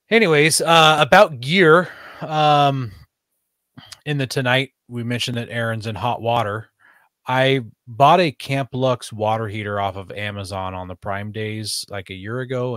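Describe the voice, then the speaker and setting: A man's voice: lowish voice, fairly bright tone, dry recording, studio quality. A man chatting casually on a podcast, rambling with fillers and restarts. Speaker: podcast host. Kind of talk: casual chat.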